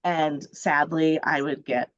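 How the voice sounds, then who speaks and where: A woman's voice: low voice, fairly even intonation, takes it slowly, dull audio. Congested woman teacher on a video call. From Indiana, US. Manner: candid, chatty, many ums. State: congested from the flu. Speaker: junior high math teacher presenting to teachers. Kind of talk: webinar presentation. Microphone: computer mic on a video call.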